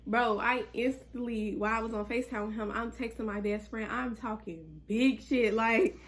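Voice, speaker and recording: A young woman vlogger tells a story in a casual chat to camera. She is animated and full of slang, and she swears freely. Her voice sits a little high. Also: moderate pace.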